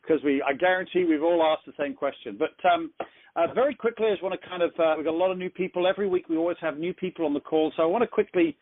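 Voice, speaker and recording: Englishman hosting a call, fairly high voice, rambly and chatty, tinny phone sound. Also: quick pace. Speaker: host of a business conference call. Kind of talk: casual motivational talk.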